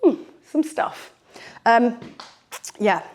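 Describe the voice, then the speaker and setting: A woman's voice: a little high, animated, drawn-out words. A woman leading a bodyweight workout as a fitness instructor, chatty and encouraging, a little out of breath, speaking into a clip-on mic. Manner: chatty, encouraging, jokey coaching. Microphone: clip-on microphone on her t-shirt.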